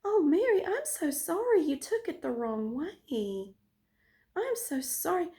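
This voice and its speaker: A woman's voice: very high-pitched, sing-song, unhurried, dark tone, voice pushed up, exaggerated voice. Woman mimicking a fake-sweet male teacher. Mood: syrupy apology. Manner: fawning, stammering innocence. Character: two-faced male teacher, falsely sweet.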